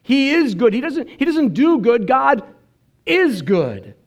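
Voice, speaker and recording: High-voiced earnest male pastor preaching. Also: sing-song, slow. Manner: emotional, earnest preaching with quoted dialogue. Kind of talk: sermon. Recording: dull lo-fi sermon recording.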